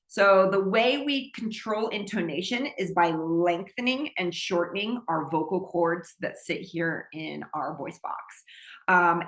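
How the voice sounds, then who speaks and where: A woman with a slightly low voice walks through a teaching presentation as a speech pathologist. She explains steadily, laughing lightly now and then, and the room around her rings with echo. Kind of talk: recorded presentation lecture. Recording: echoey room.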